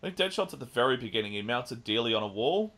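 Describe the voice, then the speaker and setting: A man co-hosting a podcast, casually recapping a film with lively retelling and the odd swear. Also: medium pitch, very fast. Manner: animated retelling with swearing and mimicked lines. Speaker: podcast co-host. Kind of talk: casual chat, film review.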